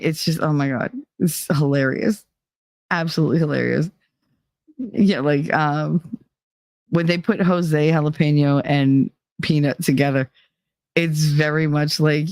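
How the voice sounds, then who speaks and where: A woman's voice: deep voice, dry recording, studio quality. A woman hosting a live stream, chatting casually and reading out comments, rambling and laughing often. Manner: fond of loud, over-the-top talk. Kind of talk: casual chat.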